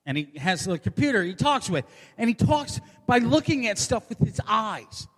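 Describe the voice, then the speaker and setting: A man in his forties working a stand-up set with a high voice, firing off brash, profane, self-mocking punchlines. The sound carries a long hall reverb. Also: very animated, moderate pace, a bit bright. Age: 40s. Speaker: stand-up comedian.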